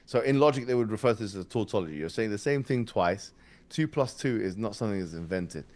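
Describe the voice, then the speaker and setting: A man arguing in an animated podcast chat, mocking his opponents and laughing as he makes his points. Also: on the low side, fast. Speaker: debater guest.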